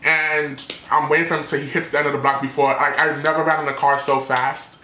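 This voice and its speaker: A man's voice: a little high, brisk, a little hiss or hum. A young man vlogger telling a dramatic storytime rant in casual chat, acting out the people in it. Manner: animated, dramatic retelling with quoted voices. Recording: echoey room.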